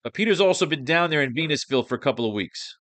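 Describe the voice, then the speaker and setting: A man's voice: fairly high pitch, lively intonation, rapid-fire, fairly bright tone, no echo. Man muttering through a comic script. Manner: muttering, swears at his computer. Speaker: comics writing instructor. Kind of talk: thinking aloud while drafting a script.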